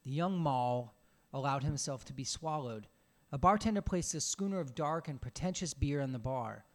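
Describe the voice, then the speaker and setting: A man reading a story aloud in a small room alone, expressive, with casual asides. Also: mid-range voice, moderate pace. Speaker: reader.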